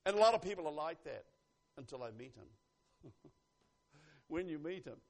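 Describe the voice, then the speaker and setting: A man preaching a sermon, swinging from hushed asides to loud exclamations and reading scripture slowly with emphasis. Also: fairly high pitch, lively intonation, gravelly.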